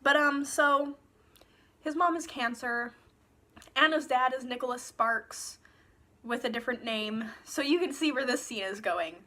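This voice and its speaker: A young woman with a high, bright voice ranting sarcastically about a book. She talks in an exasperated way and swears freely. The sound comes from her phone. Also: a little slow. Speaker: book reviewer. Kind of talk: casual book review rant.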